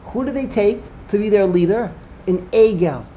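A Torah study teacher with a high-pitched, warm voice leads a Talmud discussion at a moderate pace. He poses rhetorical questions and works Hebrew terms into his speech, with a slight hiss or hum in the background.

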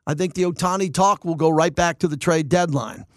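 A man hosting sports talk radio in an energetic, opinionated monologue. His voice sits a little high for a man, and the studio sound is dry and close. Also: brisk, no echo. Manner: energetic, opinionated, thinks aloud with restarts.

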